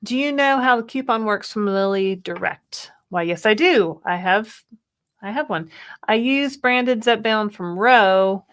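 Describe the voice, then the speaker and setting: A woman's voice: mid-range voice, a little slow, a bit bright, smooth. A woman in her fifties co-hosting a live chat stream, reading viewer comments aloud, chatty and laughing often. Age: 50s. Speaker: co-host of a livestream.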